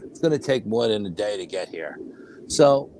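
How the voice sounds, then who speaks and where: An older man with a low, gravelly voice speaks as a guest. He tells his story casually and with animation, slipping into the voices of the people he quotes. Faint noise sits beneath him. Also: moderate pace. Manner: animated, acts out quoted voices, frequent laughs.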